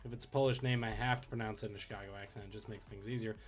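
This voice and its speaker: A man hosting a live-streamed trivia quiz, reading questions and tossing in quick joking asides. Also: lowish voice, steady tone, soft background music. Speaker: trivia host.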